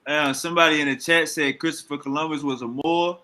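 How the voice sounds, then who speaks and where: A man with a very bright, sharp voice moderates a livestream debate. He talks casually and keeps steering the guests, asking over and over whether they can be heard. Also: on the high side, fairly even intonation, brisk. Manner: casual, directive, repeatedly checking whether guests are connected. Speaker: debate host.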